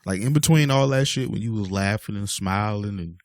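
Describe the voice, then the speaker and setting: Low-voiced man ranting casually. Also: fairly quick, no echo, clean studio sound. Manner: exasperated, rambling with many fillers. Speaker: vlogger. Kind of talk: casual rant to camera.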